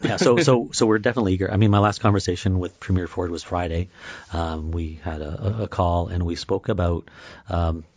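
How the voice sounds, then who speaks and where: Give me a low-voiced man talking as a mayor on a podcast, halting with lots of fillers, in a dry room. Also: fairly even intonation, darkish tone, dry recording. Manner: halting, many fillers and restarts. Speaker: town mayor, podcast guest. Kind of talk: casual interview talk.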